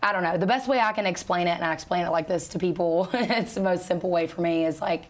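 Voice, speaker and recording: Low-voiced chatty singer woman. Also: quick pace. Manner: relaxed and chatty, laughs easily, many fillers. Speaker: country singer and guest. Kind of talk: casual interview chat.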